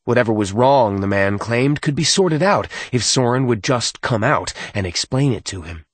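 A man reading a novel aloud as narrator, in a measured and subdued storytelling manner. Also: mid-range voice, animated, breathy edge, no room sound. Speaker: audiobook narrator. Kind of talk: scripted narration.

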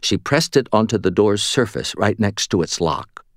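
A man narrating an audiobook in a wry, expressive reading style. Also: on the low side, normal speed, dry recording, clean studio sound. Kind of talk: scripted narration.

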